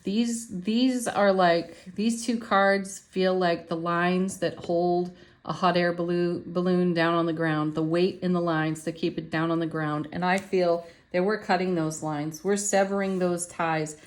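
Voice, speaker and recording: A woman giving a spiritual tarot card reading in a gentle, affirming way, laughing softly now and then. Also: lowish voice, fairly even intonation, unhurried.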